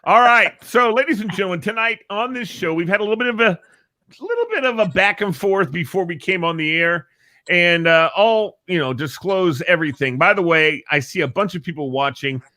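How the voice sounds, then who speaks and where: A man's voice: high voice, animated, brisk, pushed and bright, dry recording. A man co-hosting a casual chat show, joking around and laughing often. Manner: jokey, laughs often, tells jokes. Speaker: co-host.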